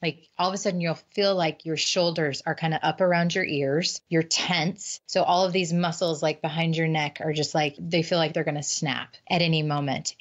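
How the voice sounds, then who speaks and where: A middle-aged woman guest on a podcast, giving casual, animated advice and laughing as she tells stories. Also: low voice, dull audio.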